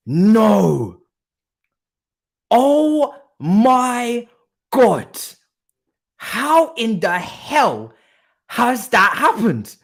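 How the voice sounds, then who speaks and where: Guy, watchalong host, slow drawl breaking into loud shouts, very lively pitch. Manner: excitable, swings between low muttering and shouting; British street slang, repeats phrases. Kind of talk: live football watchalong reaction.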